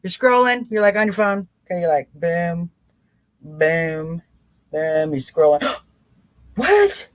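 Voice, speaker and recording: A woman hosting a live political talk stream, urging her viewers on with emphatic, repeated commands and quick mimicking asides. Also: on the low side, steady tone. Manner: emphatic, repetitive exhortation straight to viewers. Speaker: live-stream show host.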